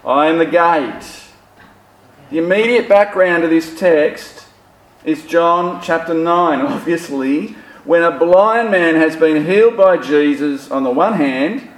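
Slow, echoey male preacher. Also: a little high. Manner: rhetorical questions, lively emphasis. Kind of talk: sermon. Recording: echoey room.

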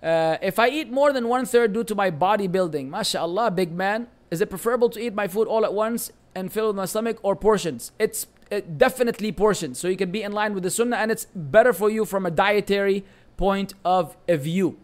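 This is a high-voiced, fairly quick-talking man, a native Arabic speaker with a Lebanese accent. He responds to viewers as an Islamic teacher in an energetic, teasing live-stream chat dotted with Arabic phrases.

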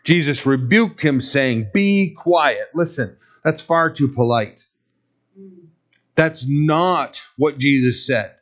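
Male pastor, slow deliberate sermon delivery, emphatic and conversational, dull lo-fi recording. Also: medium pitch. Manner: conversational, emphatic, rhetorical questions to the congregation.

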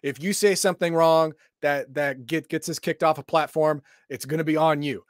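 Male co-host, somewhat high voice, dry close sound, jokey and emphatic. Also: fairly even intonation, moderate pace, no room sound. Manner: joking, emphatic announcements. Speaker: game master podcast co-host. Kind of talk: casual live-stream chat.

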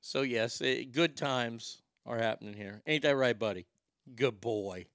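A man's voice: mid-range voice, measured pace, fairly bright tone, no echo. A man in his forties hosting a casual livestream from his home studio, rambling and joking with plenty of swearing. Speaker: livestream host.

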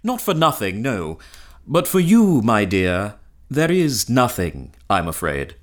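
Un uomo che interpreta un gentiluomo complice, mellifluo e vile, dai modi cortesi ed evasivi. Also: male voice, mid-range voice, huge pitch swings, slow. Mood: cool. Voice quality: polite, placating, evasive. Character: smooth, cowardly gentleman lover and schemer. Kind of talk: period drama acting.

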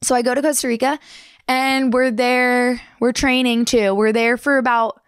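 A young woman from New Jersey telling her own surfing story in a fast, chatty, animated way with casual slang. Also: on the high side, clear, resonant tone, no echo, studio quality. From New Jersey, United States. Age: young adult.

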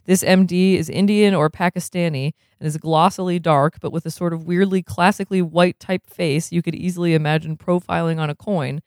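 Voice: medium pitch, fairly even intonation, a little fast, few pauses, a little mellow, dry recording, clean studio sound. A reader reading a novel aloud, chuckling often and breaking off for casual comments.

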